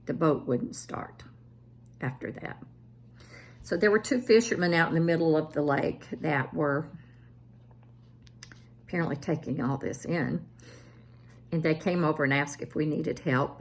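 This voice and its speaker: Speaking in a low, gravelly voice, this vlogger in her seventies shares family stories in a relaxed, self-mocking way. She grows animated each time she repeats what a family member said.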